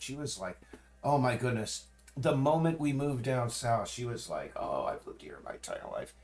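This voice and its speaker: A man at a mid-range pitch rambles through a casual livestream chat, starting over and correcting himself as he goes. His voice carries a roomy echo, as if the room around him has bare walls. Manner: rambling, frequent restarts and self-corrections. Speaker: streamer.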